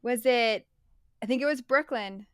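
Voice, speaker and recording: A middle-aged woman co-hosting a podcast, telling family stories in a bubbly, animated way. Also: on the high side, a little slow, clean tone, dry recording, clean studio sound. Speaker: podcast co-host. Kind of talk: casual chat.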